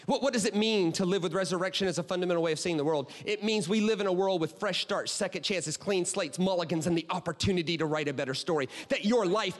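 A man preaching a sermon as a pastor, animated and chatty, checking in with the crowd by asking "right?" and "okay?" again and again. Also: high voice, fast. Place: church auditorium. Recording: reverberant hall.

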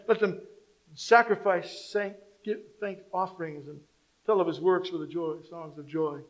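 A man preaching a sermon, reading scripture and calling on the congregation, moving between loud emphasis and soft, low delivery. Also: fairly even intonation, a little slow, poor audio. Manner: reads scripture aloud, calls on the congregation to respond. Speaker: pastor.

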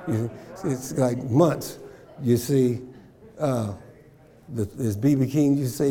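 A man's voice: medium pitch, slow, mellow, in a large hall. A man preaching a sermon, repeating phrases and checking in with his congregation. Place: church.

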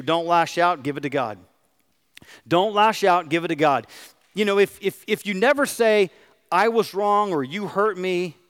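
A man's voice: a little high, clean tone. A middle-aged man, a pastor, preaching a sermon and asking his congregation questions. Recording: long hall reverb.

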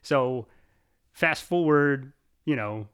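A man's voice: mid-range voice, slow pace, fairly bright tone, clean tone. A young man in casual chat, an easygoing storyteller who laughs often.

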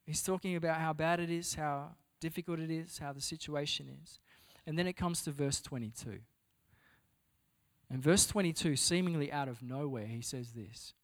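A man, a pastor, preaching to a congregation. He often repeats words as he searches for the next thought, then rises to loud, emphatic passages. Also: on the high side, normal speed. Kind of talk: sermon. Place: church hall before a congregation.

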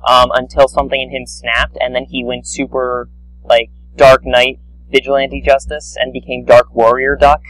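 A man co-hosting a podcast, chatting casually about a cartoon in a rambling, animated, mocking way. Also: medium pitch, normal speed, a little hiss or hum, low-quality recording. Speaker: podcast co-host. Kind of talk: casual chat reviewing a cartoon.

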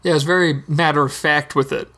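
A man's voice: fairly high pitch, steady tone, fairly quick, bright, forceful tone. A man co-hosting a podcast, chatting casually and slipping into playful jokes. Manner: jokey, wordplay-prone. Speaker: podcast co-host. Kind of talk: casual chat.

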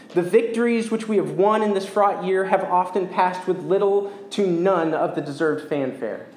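A man preaching a sermon as pastor, earnest and measured, slowing down to stress key words. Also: sits high. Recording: echoey church room.

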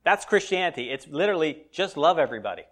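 Fervent preacher, bold and rising. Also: male voice, on the high side, sing-song, fast. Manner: dynamic preaching, swinging from loud emphasis to quiet asides. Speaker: pastor. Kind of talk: sermon.

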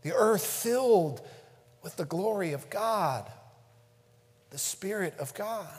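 A man preaching a sermon, dropping to hushed tones and rising to loud emphasis. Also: sits high, expressive, slow, breathy edge, long reverb tail. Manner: preaching with dramatic swings between hushed and loud. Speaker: pastor.

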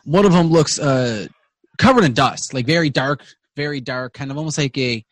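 A man's voice: a little high, normal speed, no room sound. A man narrating as game master in a tabletop game, rambling and restarting often. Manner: rambling, full of fillers and restarts.

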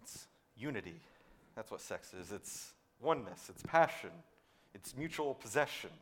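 Male pastor, sermon delivery, mid-pitched, dynamic swings between emphatic and hushed, repetitive for emphasis. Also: lively intonation, moderate pace. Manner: swings between loud emphatic declarations and quiet, low asides; repeats words and restarts when stressing a point.

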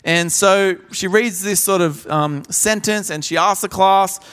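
A young pastor delivers a conference sermon in a high, energetic voice at a measured pace, animatedly telling stories and acting out other people's voices. The tone is clean, with long reverb from a large hall.

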